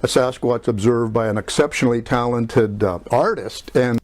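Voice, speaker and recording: A man's voice: medium pitch, dry recording. Hesitant male lecturer, dry sound. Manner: measured, many hesitations. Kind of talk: presentation talk.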